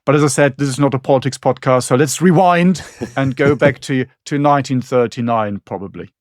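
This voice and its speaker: A man's voice: mid-range voice, brisk, no room sound, clean studio sound. A man co-hosting a history podcast, talking in a conversational way, thinking aloud with asides. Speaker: podcast co-host.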